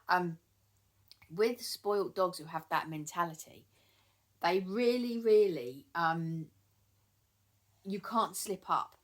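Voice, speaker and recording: A woman's voice: lowish voice, lively intonation, slow, pauses often. Chatty woman dog trainer. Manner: chatty, repeats words, many ums. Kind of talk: casual talking-to-camera advice.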